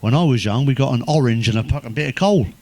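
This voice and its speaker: An English man doing crude stand-up, swearing constantly and telling deadpan one-liners. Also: medium pitch, fast talker, no room sound. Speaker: stand-up comedian.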